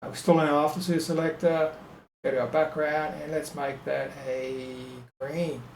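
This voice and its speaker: A man talking through a web design tutorial in a casual, thinking-aloud way, full of ums and quick self-corrections. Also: a little high, level tone, creaky, roomy sound, a little hiss or hum, poor audio. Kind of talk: casual screen-recorded tutorial.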